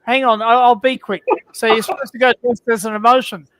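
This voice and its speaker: A man's voice: very high voice, fairly even intonation, brisk, a bit bright, clean tone, rough recording. A man telling a crude joke in casual chat, stumbling and restarting as he goes.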